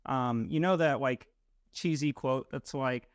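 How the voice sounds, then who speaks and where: A man's voice: medium pitch, a little slow, clear, resonant tone, dry recording, clean studio sound. A young man co-hosting a podcast, chatting casually in an offhand, laid-back way. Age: young adult. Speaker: podcast co-host. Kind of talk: casual chat.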